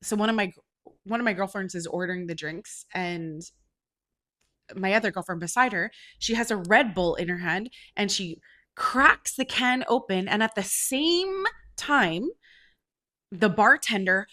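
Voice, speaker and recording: A congested woman in her forties, a podcast host telling a story casually, swearing and rising to loud outrage. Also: mid-range voice, animated, unhurried. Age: 40s.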